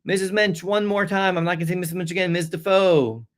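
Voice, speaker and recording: A fairly high-voiced man runs a loose live-stream review session. He talks casually, reels off long lists of names for shout-outs, and trips over hard names with quick apologies. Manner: chatty, rattling off viewer shout-outs. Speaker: AP exam review host.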